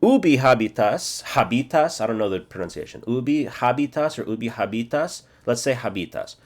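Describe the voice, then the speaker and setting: Speaking at a medium pitch with an expressive delivery, a forties-aged man leads a self-study language lesson. He slowly repeats phrases, corrects himself, and reasons out loud as he goes.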